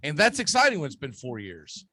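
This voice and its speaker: A man's voice: fairly high pitch, huge pitch swings, a little fast, bright, forceful tone, no room sound. A man with a Southern US accent, hosting a sports radio show and ranting emphatically about football. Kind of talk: casual sports talk.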